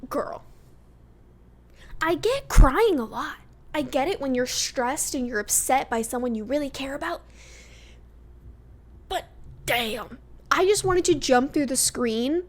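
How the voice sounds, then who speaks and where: Give me a high-pitched young woman rambling in lively, sassy vlog chatter. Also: measured pace, pauses often. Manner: animated, rambling, with sassy outbursts. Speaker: YouTuber reviewing a reality show. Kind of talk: casual chatty commentary.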